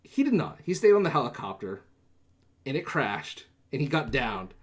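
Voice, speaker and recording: A man's voice: medium pitch, big pitch swings, normal speed, slightly rough. A young man rambles through a gaming story on a casual podcast, dropping fillers and curses as he goes. He jumps into a livelier voice whenever he quotes someone, then settles back into easy chat. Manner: acts out quoted lines in a livelier voice. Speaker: podcast host.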